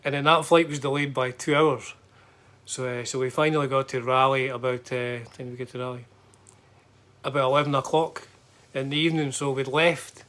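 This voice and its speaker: Brief: middle-aged Scottish guitar vlogger, mid-pitched, loose and rambling. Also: male voice, steady tone, a little fast, a bit bright. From Scotland. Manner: rambling, chatty, frequent fillers and restarts. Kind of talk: casual travel chat.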